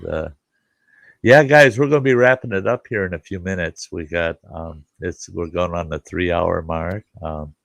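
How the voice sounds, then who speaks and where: A middle-aged man with a very low, gravelly voice spins rambling, profane campfire-style tales in a relaxed live chat. He laughs at his own jokes. The sound is dry and close, with no room echo. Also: normal speed. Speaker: campground host. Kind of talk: casual live chat storytelling.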